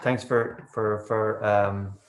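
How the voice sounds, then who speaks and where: A man's voice: fairly low pitch, flat delivery, slow. A man who co-hosts a podcast, speaking bluntly and swearing in casual live chat. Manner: blunt, swears, shouts short exclamations. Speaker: podcast co-host. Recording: roomy echo.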